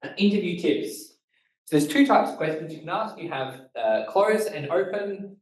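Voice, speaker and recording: A man with an Australian accent giving a casual talk on making podcasts, talking quickly with lots of fillers and stressed words. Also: high voice, animated. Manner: fast-talking, emphatic, loose with fillers. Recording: echoey room, voice from far off.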